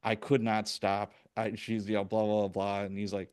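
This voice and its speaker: A man in his sixties from Chicago, hosting a podcast and telling lively anecdotes with acted-out quotes. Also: on the low side, moderate pace, clear, resonant tone. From Chicago, USA. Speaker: podcast host. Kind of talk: casual storytelling interview.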